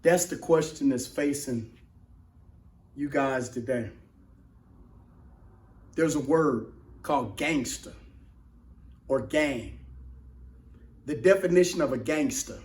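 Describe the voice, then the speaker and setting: A man preaching a motivational sermon, emphatic and repetitive, swinging from shouts to hushed asides. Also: mid-range voice, takes it slowly, pauses often, roomy sound. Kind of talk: sermon-style motivational talk.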